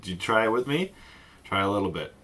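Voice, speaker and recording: Lively, playful male music teacher. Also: fairly low pitch, fast talker. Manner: playful, sings and demonstrates voice sounds. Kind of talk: online kids' music lesson.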